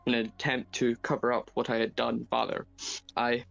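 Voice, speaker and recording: Scottish man, gravelly voice, stammers, hesitant, mock confession on a call. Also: medium pitch, monotone, moderate pace, a bit bright, lo-fi sound. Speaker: caller confessing.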